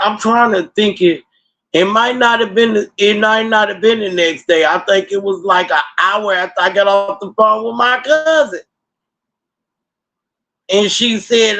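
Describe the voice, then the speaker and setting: A man hosting a casual livestream, ranting and telling stories in a profane, animated way into a computer mic. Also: sits high, unhurried, rough recording. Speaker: livestream host.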